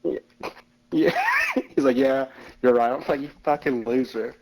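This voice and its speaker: A man with a twang tells a long, rambling story to a friend, cursing constantly and padding every sentence with "like." His voice sits at a middle pitch, and he talks with loose, offhand looseness. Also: level tone, moderate pace, a little mellow, poor audio. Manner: rambling storytelling, heavy swearing, lots of "like". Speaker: gamer chatting with a friend. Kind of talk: casual chat over a game.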